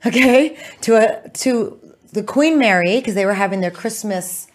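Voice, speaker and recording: A middle-aged woman from Southern California, a podcast guest telling a story in a lively way and acting out the voices in it. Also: mid-range voice. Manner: lively, acts out voices in her stories, quick asides. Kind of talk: animated storytelling.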